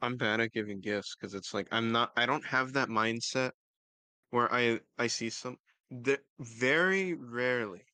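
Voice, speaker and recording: A young podcast co-host in casual chat, relaxed and slangy. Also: medium pitch, unhurried, dry recording.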